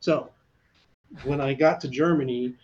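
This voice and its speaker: A man's voice: medium pitch, measured pace, lo-fi sound. An older man, a retired fighter pilot, telling stories in an interview and acting out the voices of people he quotes. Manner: animated, acts out quoted voices in his stories. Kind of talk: storytelling in a conversational interview.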